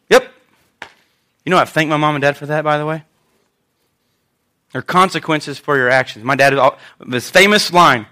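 A man in his thirties, a pastor giving a conversational Mother's Day sermon, animated and prone to repeating himself. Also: sits high, brisk.

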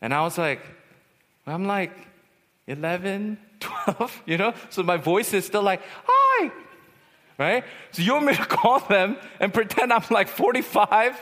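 Speaking at a measured pace in a voice that sits high, a young man preaches at a youth retreat amid long hall reverb. He tells personal stories with animation, acting out each voice.

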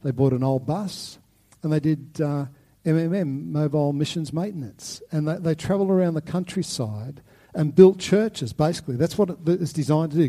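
Passionate male preacher with a mellow voice. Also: on the high side. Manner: passionate, repeats words when stressing a point. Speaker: pastor. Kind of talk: sermon.

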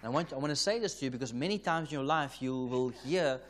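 A man's voice: medium pitch, lively intonation, fast, fairly bright tone. A South African man preaching at a conference, telling a story and acting out the conversations in it, with frequent chuckles. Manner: anecdotal, re-enacts dialogue, chuckles often. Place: church or conference hall.

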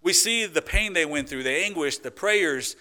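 A man preaching a sermon as pastor, talking to the congregation conversationally with rhetorical questions, swinging between loud emphasis and quiet asides. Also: on the high side, animated, normal speed.

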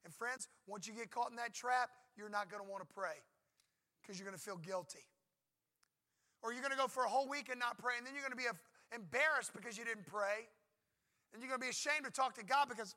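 Bright, high-voiced preaching pastor. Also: male voice, a little fast. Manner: conversational, emphatic, acts out prayers and God's replies. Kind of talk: sermon.

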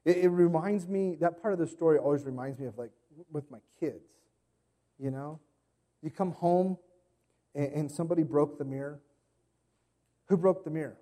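A man's voice: a little high, brisk, darkish tone. A man in his thirties, a pastor giving a sermon, telling stories in a casual, conversational way with playful impressions.

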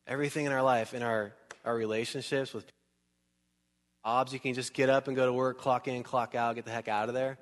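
A male pastor preaching a sermon in a church hall. He talks in a conversational, animated way, asks the crowd questions and acts out little scenes. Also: mid-range voice, a little fast. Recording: long hall reverb.

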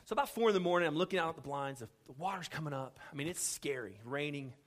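During a sermon, a middle-aged man who pastors in Houston, Texas tells a story in an animated, fairly high voice at a quick pace. He acts out each line of dialogue with humor aimed at himself.

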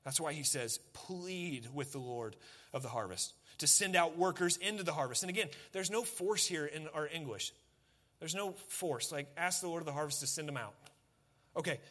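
Man, pastor, sermon, fairly high voice, bright and forceful tone, chatty then emphatic. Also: normal speed. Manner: conversational, building to emphatic pleading.

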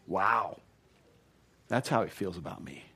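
A man's voice: deep voice, expressive, unhurried, sharp tone, husky. A man in his thirties, a pastor, preaching a sermon in an earnest, emphatic way and often repeating words. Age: 30s.

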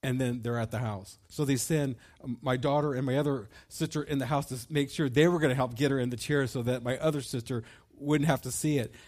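A middle-aged man telling a personal story at a bible study, folksy and animated, with many fillers. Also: mid-range voice, brisk, few pauses.

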